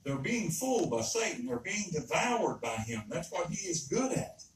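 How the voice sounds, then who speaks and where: A man's voice: high-pitched, very animated, normal speed. Male preacher, emphatic and repetitive, distant mic in a roomy church with faint background hiss. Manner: earnest, emphatic, repeats himself. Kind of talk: sermon. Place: church sanctuary. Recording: roomy echo, speaker far from mic.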